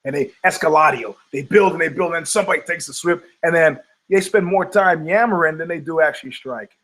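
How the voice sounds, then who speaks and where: A man's voice: a little high, fairly quick. Profane older man ranting animatedly. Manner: animated storytelling, acting out quoted voices, profane. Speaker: podcast host. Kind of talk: profane casual rant.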